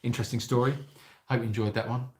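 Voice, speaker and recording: A man's voice: mid-range voice, level tone, fast talker, roomy sound. A man co-hosting a casual livestream, telling stories with a joking, rambling manner. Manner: jokey storyteller, slips into silly put-on voices. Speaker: sanctuary co-host on a livestream.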